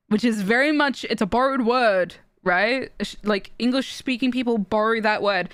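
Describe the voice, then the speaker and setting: A young woman from Australia, chatting casually on a stream and telling stories in an animated way, with restarts and laughs. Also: on the high side, moderate pace, dry recording, studio quality. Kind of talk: casual chat while streaming.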